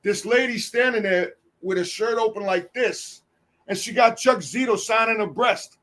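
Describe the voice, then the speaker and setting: A man's voice: sits high, normal speed. A man on a podcast telling a long, profane story in casual chat, acting out what people said. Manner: animated, profane, acts out quotes.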